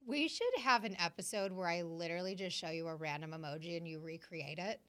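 A woman's voice: on the low side, fairly quick, sharp tone. Blunt, teasing young woman. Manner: blunt and teasing, swears freely. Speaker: podcast co-host. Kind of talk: casual chat.

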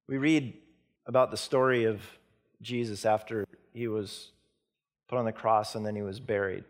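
Gravelly-voiced man preaching a sermon. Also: fairly low pitch. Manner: earnest preaching with repeated words and soft, slow stretches. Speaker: pastor.

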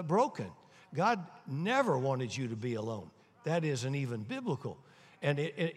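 A man preaching a sermon, emphatic and repeating key lines, swinging between loud stresses and hushed asides. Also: a little high. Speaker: pastor. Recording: long hall reverb.

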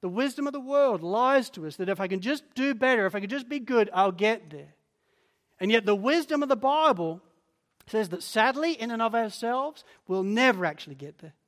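A man preaching a sermon as a pastor, earnest and pleading, sinking to a hush on key lines. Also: sits high, lively intonation, moderate pace. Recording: long church reverb.

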